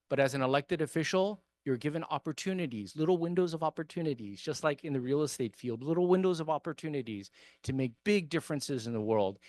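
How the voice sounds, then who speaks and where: Speaking to a council meeting in a meeting hall, a man who came to America as an immigrant and now serves on the city council delivers an emphatic, earnest address, repeating himself for effect. His mid-range voice carries no echo.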